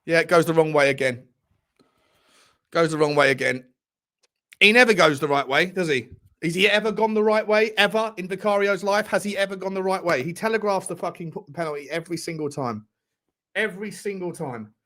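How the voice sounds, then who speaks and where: A man's voice: high-pitched, a little fast, sharp tone. A young man hosting a live football watchalong, furiously ranting and swearing at the referee. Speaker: football fan channel host.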